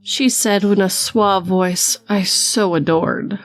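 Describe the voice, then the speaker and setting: A woman reading a first-person horror story aloud in a measured storytelling manner. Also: mid-range voice, soft background music.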